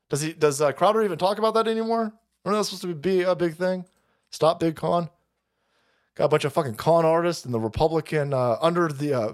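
A man hosting a political livestream, ranting in a foul-mouthed, sarcastic way with shouted outbursts. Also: fairly high pitch. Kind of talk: profane political rant.

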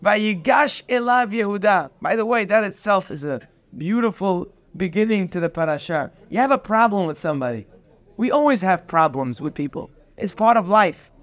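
A man's voice: sits high, animated, normal speed. A man teaching a daily Torah class, earnest and emphatic, repeating phrases for stress and mixing in Hebrew terms.

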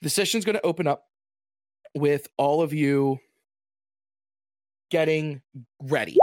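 A man's voice: on the high side, slow, dry recording. A man narrating as game master of a tabletop game over a voice call, upbeat and playful with loose narration.

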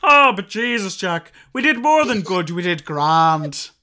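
A man's voice: sits high, sing-song, unhurried, sharp tone, heavily acted. A man voicing a grieving man, speaking through tears. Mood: tearful. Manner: choked, emotional. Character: grieving Irish man, emotional, sobbing.

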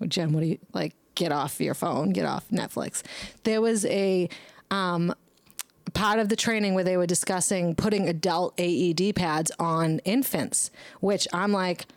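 A young woman with a lowish voice hosting a loose, casual monologue. She talks bluntly, drops curses freely and rambles from one aside to the next. She sounds dry and close, with no room echo. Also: unhurried. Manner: swears heavily, rambling and blunt; talks back to herself by name. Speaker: podcast host.

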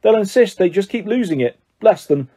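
Weary, stammering storybook wizard dad, soft and husky, as a male narrator puts him on. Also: high voice, animated, normal speed, pitched above the performer's own voice. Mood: weary, flustered. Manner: tired, mumbling, then flustered. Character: mild, flustered middle-aged wizard father.

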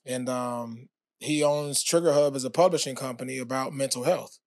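A man, a former pro athlete, telling his story as a podcast guest in a relaxed, casual way with many fillers. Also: mid-range voice, normal speed, no echo, clean studio sound. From United States. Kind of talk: casual interview talk.

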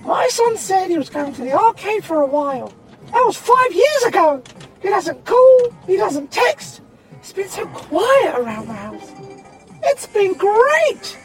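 A very high, shrill mother, voiced by a woman gives a sing-song spoof testimonial. Her voice bounces around over faint music. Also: sing-song, a little slow, exaggerated voice. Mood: deadpan glee. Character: relieved middle-aged mother in a spoof testimonial.

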